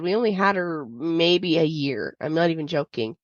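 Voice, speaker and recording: A woman's voice: deep voice, lively intonation, moderate pace, no room sound. A woman hosting a podcast, telling a personal story in a candid, confiding way with many fillers. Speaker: podcast host. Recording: dull lo-fi dry sound.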